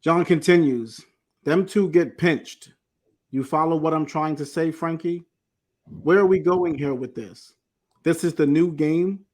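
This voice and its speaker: A man hosting an interview and reading out quoted lines from a transcript, slowly and carefully. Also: fairly high pitch, darkish tone. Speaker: podcast host.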